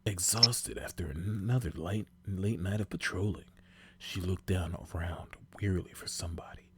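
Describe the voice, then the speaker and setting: Lower-voiced man reading a story aloud. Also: moderate pace. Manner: giggly, breaks into laughter. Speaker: podcast host. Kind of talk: reading fan fiction aloud.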